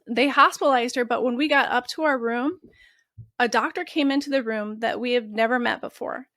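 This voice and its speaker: Earnest woman telling her story as a podcast guest, higher voice, dry sound. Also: steady tone, fairly quick, fairly bright tone, no room sound. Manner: earnest, emotional recounting. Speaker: guest, mother of a patient. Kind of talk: interview storytelling.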